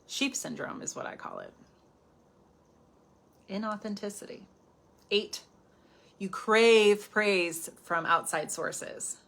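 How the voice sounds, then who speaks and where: Chatty woman doing a self-help live stream, bounces up and down, whispers her asides. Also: fairly high pitch. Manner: animated, chatty, often drops to a whisper for asides. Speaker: healing coach hosting a live stream.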